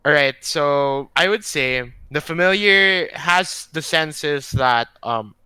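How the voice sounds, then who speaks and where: A man's voice: fairly high pitch, takes it slowly, pushed and bright, clean tone, no echo. A man narrating as game master in a casual online tabletop session, thinking aloud and checking rules with many fillers.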